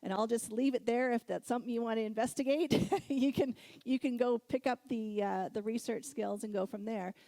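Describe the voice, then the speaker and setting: Middle-aged woman speaker, warm storytelling sermon, laughs often, dry close sound. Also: fairly high pitch, brisk, hardly any pauses, no echo. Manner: storytelling, laughs often, animated when recounting. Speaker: guest speaker.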